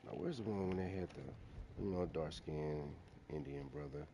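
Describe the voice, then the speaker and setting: A man's voice: very deep voice, moderate pace, mellow, slight background noise. A man talking casually on his own channel, rambling with restarts and self-corrections as he goes. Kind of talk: casual solo commentary.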